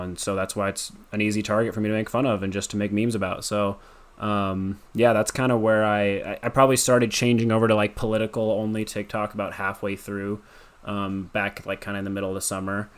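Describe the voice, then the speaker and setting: A young man from Colorado answers a podcast host's questions in a loose, rambling way, full of ums and likes. His voice sits a bit low and sounds clean and smooth. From Colorado, USA. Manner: rambling, with many fillers and likes. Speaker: podcast guest. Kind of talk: casual interview answers.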